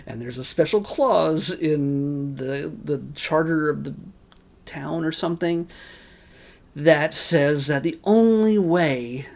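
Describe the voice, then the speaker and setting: Man, casual film review, rambling, wry asides, gravelly voice. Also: fairly high pitch, slow pace, darkish tone. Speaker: movie reviewer.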